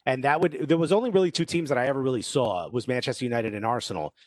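A man in casual podcast chat, telling lively stories and mimicking accents. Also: mid-range voice, no room sound. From Cuban family, grew up in New Jersey. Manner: animated storyteller, quick to mimic accents.

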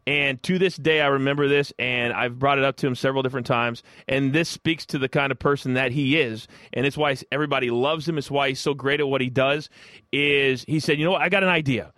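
A man's voice: medium pitch, steady tone, brisk, fairly bright tone, no room sound. A man from Kansas City, a guest on a sports talk show, telling stories in a rambling, enthusiastic way with many fillers. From Kansas City, United States. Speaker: guest, former sports broadcaster. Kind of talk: casual interview storytelling.

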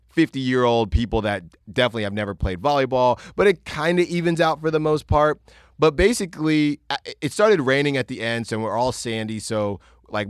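A man's voice: mid-range voice, no room sound, studio quality. Rambling young man telling a story. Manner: rambling, lots of filler words and restarts, animated retelling. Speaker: podcast host. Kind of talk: casual storytelling monologue.

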